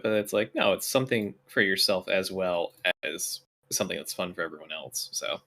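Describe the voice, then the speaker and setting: Very deep-voiced young woman streamer. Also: a little fast, fairly bright tone. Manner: dry, self-mocking, laughs often. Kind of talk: casual chat while playing a game.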